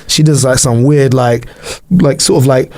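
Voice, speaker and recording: A man's voice: mid-range voice, unhurried, darkish tone. A young man telling rambling, crude stories in casual podcast chat, full of fillers and restarts. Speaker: podcast co-host.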